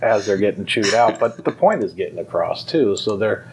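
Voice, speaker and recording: A man's voice: lowish voice, expressive, normal speed, slight background noise, poor audio. A man who runs a fire department pipe band school, talking casually and rambling with many fillers and restarts. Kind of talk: casual conversation.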